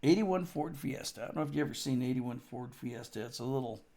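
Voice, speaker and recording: A man's voice: mid-range voice, brisk, creaky, warm tone. A grieving man telling a casual, profane anecdote at a tribute, full of fillers and asides. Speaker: storyteller at a tribute. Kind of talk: rambling spoken anecdote.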